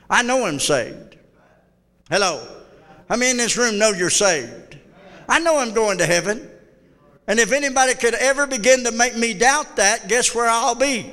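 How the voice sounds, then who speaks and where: A man's voice: high-pitched, a bit bright. A fervent older man preaching a sermon in a church, calling out to the congregation. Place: church hall. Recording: reverberant church hall.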